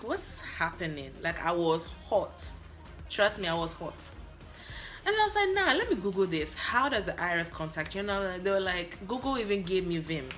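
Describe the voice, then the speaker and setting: A woman from Africa telling a story in a lively vlog, acting out both sides of her phone calls. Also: fairly low pitch. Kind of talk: animated story-time vlog.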